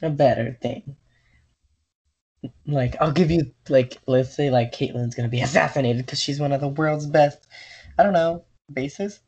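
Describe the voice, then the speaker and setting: A woman's voice: deep voice, moderate pace, darkish tone, husky. A young woman in casual chat, joking and spinning silly hypotheticals over a call. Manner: jokey, spins silly hypotheticals. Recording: dull lo-fi call line.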